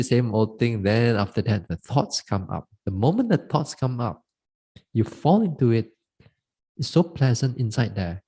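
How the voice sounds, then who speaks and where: A Buddhist monk giving a dharma talk on meditation, halting and repeating words as he goes. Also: medium pitch, expressive, warm tone, slightly rough.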